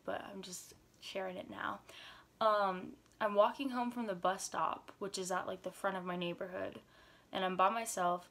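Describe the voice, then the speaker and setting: Teen girl vlogger, chatty and dramatic, talks in a run of "like"s, whispers now and then. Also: medium pitch. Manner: drops to whispers for tense moments. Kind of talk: storytime vlog.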